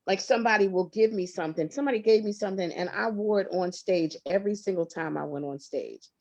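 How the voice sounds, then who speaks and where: A woman's voice: mid-range voice, fast. A woman talks as a guest on an interview show. She tells her stories with lots of emphasis and feeling, her voice swinging as she makes a point. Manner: expressive, emphatic, laughs often. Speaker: guest singer. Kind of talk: animated interview storytelling.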